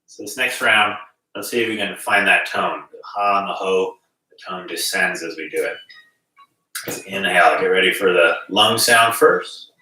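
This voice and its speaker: Calm male qigong teacher with a bright, forward tone, recorded from afar in a very echoey room. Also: deep voice, normal speed. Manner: calm, gently guiding with breath cues. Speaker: qigong instructor. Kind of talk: guided movement class. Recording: very echoey room, distant mic.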